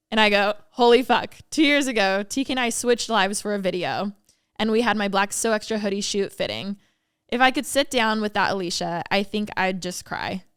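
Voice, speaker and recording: A woman hosting a podcast alone, talking openly and from the heart, quick to laugh, on a studio mic. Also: medium pitch, a bit bright, clean tone, dry recording. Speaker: podcast host. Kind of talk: candid solo podcast reflection.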